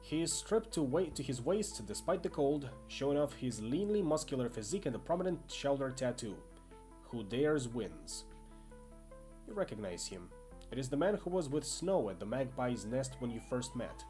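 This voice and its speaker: A man reading an interactive fiction game aloud in expressive second-person narration, with occasional asides. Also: medium pitch, moderate pace, faint music behind. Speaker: game player and reader.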